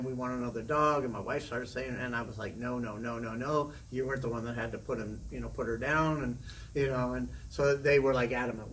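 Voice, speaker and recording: A middle-aged man, a former teacher, telling a long casual story to interviewers, chatty and animated, swearing now and then. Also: mid-range voice. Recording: distant mic with faint room noise.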